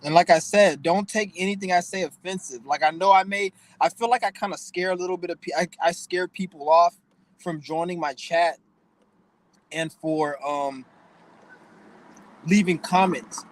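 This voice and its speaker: A man's voice: sits high, fairly even intonation, normal speed, poor audio. A young man hosting his own channel, ranting bluntly and profanely in a preachy, emotional way. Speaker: channel host. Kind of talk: casual vlog rant.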